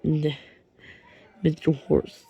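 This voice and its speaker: A woman retelling a creepy story in a rambling, halting way with many restarts. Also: low-pitched, little pitch movement, vocal fry, breathy edge, highs cut off.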